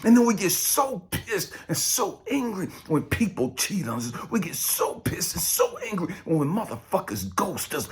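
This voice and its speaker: A man, a spiritual life coach, giving an impassioned, profane monologue that swings from loud to hushed whispers. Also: sits high.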